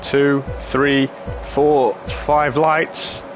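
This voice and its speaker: A man's voice: medium pitch, very slow. Jokey man calling a sim race. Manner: chatty, jokey, builds up excitement at race starts. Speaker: lead sim racing commentator. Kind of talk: race commentary.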